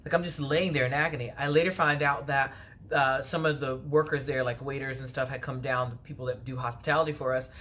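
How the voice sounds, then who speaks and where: A woman telling a personal story in a vlog, animated and lively, her voice leaping up when she replays her own words. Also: rumbling low, brisk, a little hiss or hum. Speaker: vlogger.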